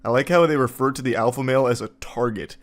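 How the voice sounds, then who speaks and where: Talking fast in a mid-range voice, a man reads forum posts aloud for a comedic commentary video he hosts. He riffs on them sarcastically and incredulously, leaning on lots of filler words.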